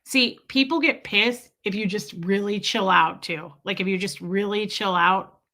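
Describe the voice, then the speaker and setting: A woman's voice: medium pitch, fairly even intonation, a little slow, bright, forceful tone. A middle-aged woman hosting a casual live stream, chatty and laughing as she reads viewer comments aloud. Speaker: livestream host reading chat.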